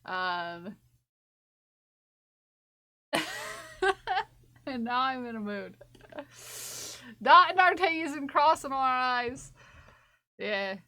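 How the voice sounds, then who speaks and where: A woman's voice: sits high, big pitch swings, drawn-out words, long pauses, bright, forceful tone. A woman streamer chatting casually while crocheting, repeating her own phrases to herself as she works.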